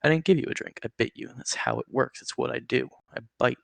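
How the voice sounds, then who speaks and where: Man doing a gravelly old talking rattlesnake, friendly, joking, matter-of-fact, slightly raised pitch, storybook reading. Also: huge pitch swings, quick pace, fairly bright tone, no room sound, exaggerated voice. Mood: calm.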